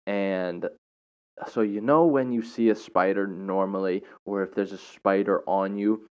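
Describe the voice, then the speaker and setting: A very low-voiced young man spins a casual story, dramatic and full of slang. The sound is dull and lo-fi. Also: a little slow, clear, resonant tone. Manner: animated, slangy, dramatic retelling. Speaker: teacher. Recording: dull lo-fi recording.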